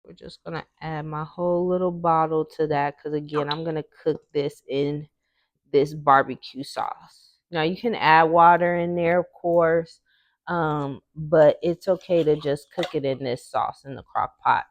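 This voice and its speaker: A woman's voice: low-pitched, fairly even intonation, measured pace, no room sound, lo-fi sound. A woman hosting her own home cooking show, talking viewers through a recipe in a chatty, encouraging way.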